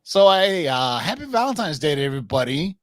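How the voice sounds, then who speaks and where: A man co-hosts a relaxed chat show, joking and swearing casually. His pitch moves around a lot as he talks. The sound is dry and close. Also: a little fast, no echo. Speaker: co-host.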